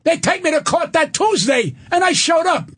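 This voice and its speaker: An older man rants at full volume on talk radio, cursing freely. His voice sits very high and leaps up and down with every outburst. It's a studio mic, close and direct. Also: lively intonation, moderate pace. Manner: loud, profane, shouting rant. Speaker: guest comedian. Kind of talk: angry ranting talk-radio guest.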